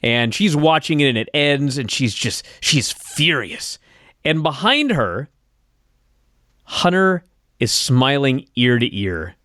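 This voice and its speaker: Casting: male podcast co-host, swinging pitch, dry close sound, ranting. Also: takes it slowly, no echo. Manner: animated, exasperated ranting with swearing. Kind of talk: casual recap chat.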